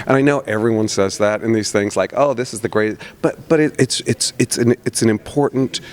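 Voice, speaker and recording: Lower-voiced actor rambling enthusiastically. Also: male voice. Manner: rambling, enthusiastic, many restarts. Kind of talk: press interview.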